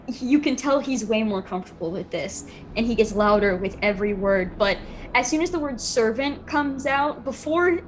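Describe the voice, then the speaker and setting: A woman's voice: a little high, lively intonation, normal speed, slight background noise. Chatty woman running a game. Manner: chatty, full of "like" and "um". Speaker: game master. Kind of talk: narrating a tabletop game.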